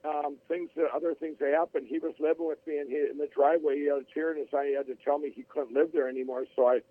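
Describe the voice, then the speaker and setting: A middle-aged interview guest speaks fast in a slightly high voice with fairly even intonation as he tells his life story. His account rambles, full of restarts and acted-out quotes, over tinny phone-line audio.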